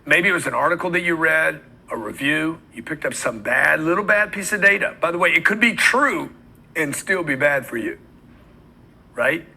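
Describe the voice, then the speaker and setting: Husky, blunt male sales coach. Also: a little high, expressive, normal speed, pushed and bright, low-quality recording. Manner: blunt, emphatic, acts out quoted voices. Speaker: sales trainer. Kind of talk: motivational sales talk.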